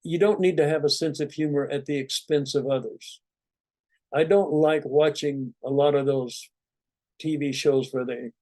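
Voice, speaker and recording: A man's voice: medium pitch, no echo. Man, meditation teacher, informal spiritual talk, rambling and conversational, dry recording. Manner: relaxed, rambling, conversational, many "you know"s.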